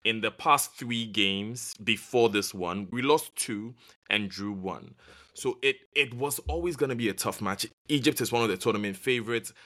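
Guy on a football podcast, bright ringing voice, reels off scores like a commentator. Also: fairly low pitch, normal speed. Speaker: football pundit. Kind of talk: podcast sports discussion.

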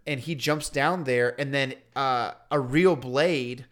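A man chatting casually on a podcast, retelling an experience in an animated, slangy way and acting out the lines people said. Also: mid-range voice, slow, a little hiss or hum. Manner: slangy, laid-back. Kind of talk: casual chat.

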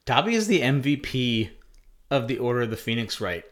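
A woman co-hosting a podcast in casual chat, wry and quick to laugh. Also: a bass voice, sing-song. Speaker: podcast co-host.

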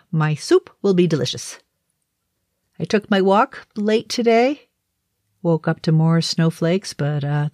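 A woman's voice: deep voice, a little mellow, dry recording, clean studio sound. A middle-aged woman from the Boston area with a faint Boston accent, chatting through a casual daily video diary with light laughs. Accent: Boston, mostly softened. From Boston area, Massachusetts. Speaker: video diarist.

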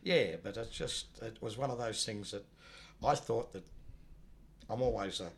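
A man telling a personal story in a rambling, halting way, often dropping low and quiet. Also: vocal fry, husky. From Australia. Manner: rambling, many restarts, low and subdued when recalling loss. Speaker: guest telling his life story. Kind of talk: casual spoken storytelling.

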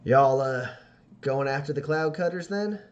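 A man's voice: a little high, unhurried, lo-fi sound, pitched above the performer's own voice, close to an everyday voice. A man voicing a nervous, friendly frontier man with a folksy drawl in a tabletop game. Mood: eager.

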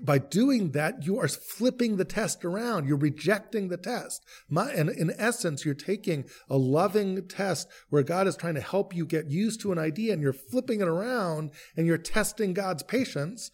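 Animated man teaching, higher voice. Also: moderate pace, hardly any pauses, breathy edge. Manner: animated, questioning, reads verses then explains. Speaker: rabbi and teacher. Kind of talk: podcast text study discussion.

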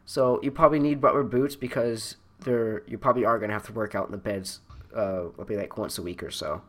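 A man's voice: on the low side, steady tone, brisk, a bit bright. A young man telling stories in a casual chat, rambling and laughing, with many fillers and restarts. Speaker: storyteller.

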